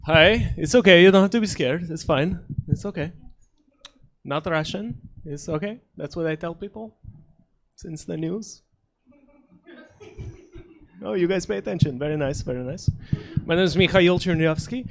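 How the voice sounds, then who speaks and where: A man's voice: fairly high pitch, normal speed, gravelly, long pauses. A man in his thirties from Ukraine doing a stand-up set on a comedy theater stage, joking with apologetic, self-deprecating asides. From Soviet Union, Ukraine.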